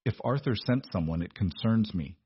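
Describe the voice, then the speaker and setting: A man reading the part of a proud young noblewoman who speaks in a steady, controlled way. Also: fairly low pitch, normal speed, slightly rough, dry recording, lo-fi sound. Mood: defiant.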